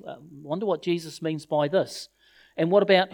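A man preaching at a funeral, with a voice a little higher than most men's. He tells the scripture story expressively and quotes its words. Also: moderate pace, a little mellow. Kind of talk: funeral sermon.

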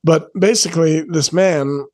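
A man's voice: on the high side, unhurried, a little mellow, no room sound. A man, a coach hosting his own podcast, telling a story in a rambling, casual way with lots of filler words. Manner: rambling, conversational, many "like" fillers.

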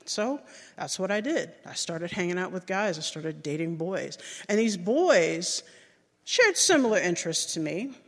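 A middle-aged woman telling a personal story to an audience, animated and acting out the voices of people she remembers. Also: unhurried, in a large hall. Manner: animated, acts out remembered voices with big jumps in pitch.

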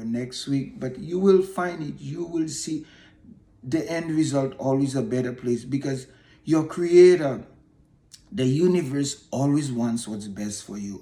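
A man in his fifties hosting his own podcast, giving an earnest, repetitive motivational talk with halting restarts. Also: medium pitch, warm tone. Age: 50s. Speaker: podcast host. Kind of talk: motivational monologue. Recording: echoey room.

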